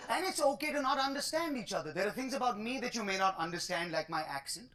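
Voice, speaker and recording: A man's voice: sits high, expressive, fast, a bit bright. A man with an Indian accent performing a stand-up comedy set with a punchy, playful delivery. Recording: TV studio stage with audience laughter. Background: crowd laughing.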